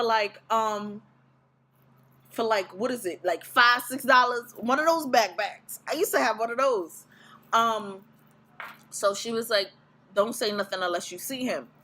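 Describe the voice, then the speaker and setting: A woman's voice: mid-range voice, low-quality recording. A woman vlogger casually telling a story to camera, blunt and profane, acting out her reactions. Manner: blunt, profane, animated retelling.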